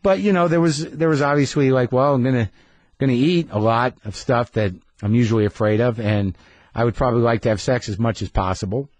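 A podcast host spins a nervous, rambling comic story with a sardonic edge. His voice is husky and a little rough. The sound is dry and close, with no room around it. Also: medium pitch, a little fast, a little mellow, no echo. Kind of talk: comedic storytelling monologue.

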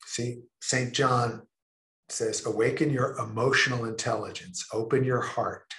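A man presenting a creativity session in a lecture style, speaking expressively with emphatic, drawn-out pauses. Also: medium pitch, fairly even intonation, pushed and bright, echoey room. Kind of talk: lecture-style talk to a remote audience.

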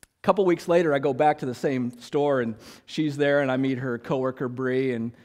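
Guy pastor preaching, chatty and jokey, average pitch, acts out little convos. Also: fairly even intonation, moderate pace, darkish tone. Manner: conversational, joking, acts out quotes. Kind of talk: sermon.

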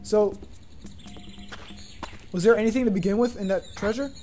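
A man's voice: high-pitched, normal speed, dark tone, soft background music. A man giving casual gameplay commentary, thinking aloud, unsure of himself and swearing casually. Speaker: gaming YouTuber.

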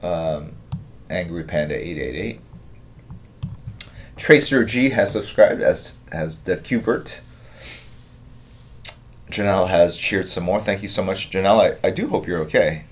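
A middle-aged man hosting a live drawing stream, giving relaxed, rambling step-by-step instructions and thanking viewers in the chat. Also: sits low, a little slow, pauses often. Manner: relaxed, rambling instructions with fillers and chat-reader shout-outs. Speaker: artist hosting a draw-along stream.

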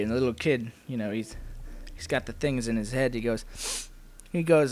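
Animated and fairly bright, this man's mid-range voice moves at a normal speed as he narrates his video game session. The let's play commentary is a goofy, joke-filled ramble, and faint music plays behind him.

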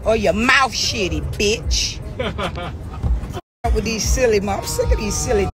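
A woman's voice: medium pitch, animated, slow, over music, a crowd in the background. A middle-aged woman livestreaming a profane, taunting rant, drifting into sing-song mockery. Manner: profane, taunting, heated trash talk. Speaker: social media personality.

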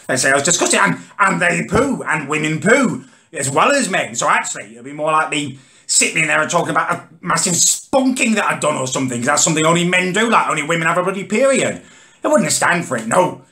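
A man's voice: a little high, very animated, quick pace, sharp tone. A man, ranting indignantly in a comedic monologue. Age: 30s. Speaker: comedic vlogger. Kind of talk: comedic rant to camera.

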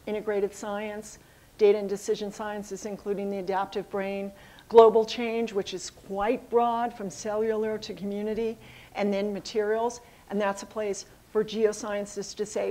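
Woman dean answering questions, slightly hoarse. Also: mid-range voice, little pitch movement, moderate pace, warm tone, poor audio. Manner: thoughtful, with frequent ums and uhs. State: losing her voice a little. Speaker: college dean. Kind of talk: public address with audience Q&A. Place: assembly hall.

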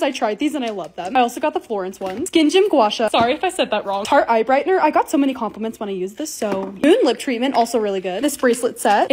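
A woman's voice: high-pitched, darkish tone. A young woman narrating her organizing and shopping vlog in a bubbly, chatty way, gushing over cute things. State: hoarse, losing her voice. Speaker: lifestyle vlogger.

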